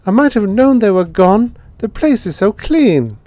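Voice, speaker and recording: Man voicing a young boy, high pitched, pleading, storybook reading, dry sound. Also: sing-song, unhurried, dark tone, no echo. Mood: distressed. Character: anxious young boy looking for his parents.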